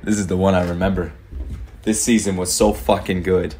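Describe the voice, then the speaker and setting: A rapper giving excitable, swear-heavy commentary for a reaction video, with music playing faintly behind him. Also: male voice, low voice, fairly quick, slight background noise. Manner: excitable, loud, swears constantly. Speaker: rapper reacting to anime themes.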